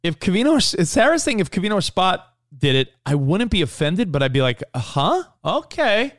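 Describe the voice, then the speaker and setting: A man co-hosts a podcast in relaxed, swearing banter, laughing his way through his stories. His voice sits a little high and leaps around in pitch. The sound is dry and close. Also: a little fast, dry recording. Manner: animated, laughing, swears freely. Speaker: podcast co-host. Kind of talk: casual chat.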